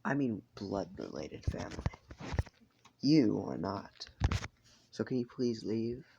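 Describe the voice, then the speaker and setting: A man voicing a blunt, unsettling young man who speaks calmly and matter-of-factly, with light swearing. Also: on the low side, slow pace, vocal fry, muffled recording, background noise, heavily acted. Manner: calm, matter-of-fact, lightly profane.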